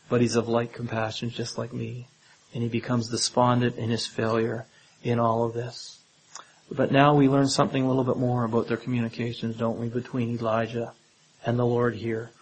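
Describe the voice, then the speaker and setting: A man's voice: mid-range voice, slightly rough, rough recording. A man preaching a sermon in a conversational way, often turning statements into questions for his listeners.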